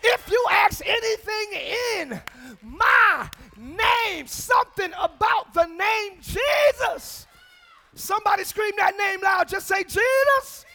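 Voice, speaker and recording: A man preaching a sermon as pastor, calling out to the congregation and dropping into quiet joking asides. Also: very high-pitched, expressive, takes it slowly. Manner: preaching with shouts and call-and-response; drops to quiet asides and laughs. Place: church.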